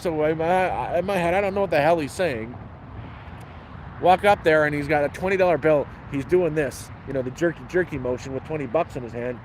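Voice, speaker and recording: A man's voice: fairly high pitch, a little fast, a little hiss or hum, poor audio. A man telling stories in blunt, profane, casual chat, outdoors by a city street. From Canada. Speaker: homeless vlogger answering questions. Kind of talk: casual storytelling.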